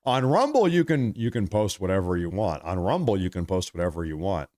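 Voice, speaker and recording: A man's voice: low-pitched, very animated, fairly quick, darkish tone. Joking man reading live-stream super chats. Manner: joking, teasing, repeats his thank-yous. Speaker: livestream host.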